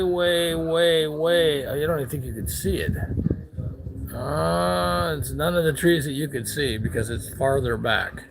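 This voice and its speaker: A man's voice: fairly low pitch, creaky, low-quality recording. A man from the United States talking bluntly in a rambling, casual vlog on his back deck outdoors, with lots of fillers and restarts. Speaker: vlogger.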